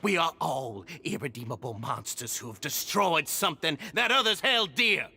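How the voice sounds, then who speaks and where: A man's voice: on the high side, lively intonation, normal speed, vocal fry, sharp tone, a little hiss or hum, full character voice. An actor playing a cruel, furious male prison boss in a game, with a snarling Southern accent and a theatrical ranting manner. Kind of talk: game voice acting.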